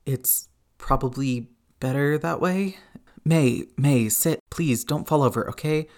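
A man voicing an anxious, excitable teenage boy who rambles shakily. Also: medium pitch, voice pushed up. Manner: shaky, rushed, rambling.

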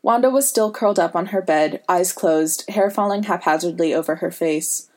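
A woman's voice: on the low side, normal speed, few pauses. Woman reading a story aloud. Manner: steady storytelling. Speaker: narrator. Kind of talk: fan fiction audiobook reading.

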